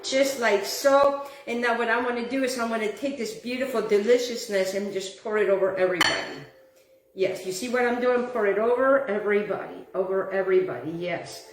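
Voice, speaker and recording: A woman's voice: medium pitch, brisk, recorded from a distance. Gushing woman cooking in an echoey kitchen. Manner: effusive, gushing, sometimes sings phrases. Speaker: cooking show host. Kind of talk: home cooking demonstration. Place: home kitchen. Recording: echoey room with faint background noise.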